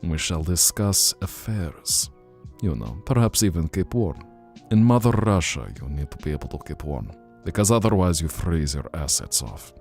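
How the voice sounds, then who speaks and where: A booming, hospitable caricature of a Russian host pours the vodka and cracks jokes in a thick put-on accent, as a man does the bit. The voice sits low and deep, and it swings widely as the gag rolls on. Faint music plays behind. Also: expressive, moderate pace, vocal fry, darkish tone. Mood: jovial. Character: hammy mock-Russian man, hospitable and joking.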